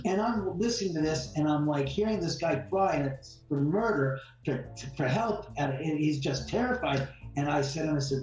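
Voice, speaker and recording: Blunt, animated man telling a story. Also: fairly high pitch, fairly quick, few pauses. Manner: blunt, animated storyteller who acts out quotes. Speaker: homeowner guest. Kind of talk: storytelling interview. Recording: roomy, distant mic with faint music.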